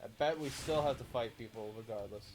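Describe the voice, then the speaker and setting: A man's voice: mid-range voice, fairly quick, a little mellow. Male streamer, offhand joking commentary, faint game music underneath. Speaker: gaming streamer. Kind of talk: casual gameplay commentary.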